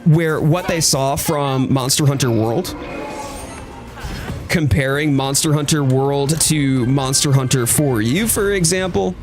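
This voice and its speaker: A man's voice: medium pitch, a little slow, over music. A man streaming a game, chatting casually and thoughtfully with his viewers while he plays. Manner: thoughtful, hedging, reads chat aloud. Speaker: gaming streamer. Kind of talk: casual live-stream chat.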